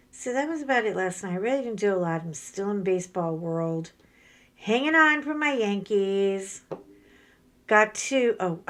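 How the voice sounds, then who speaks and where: A middle-aged woman, chatting casually about her day while she works on crafts, telling lively stories and acting out what people said. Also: mid-range voice. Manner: chatty storyteller, animated, acts out quoted voices. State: sore from a workout. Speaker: crafting vlogger.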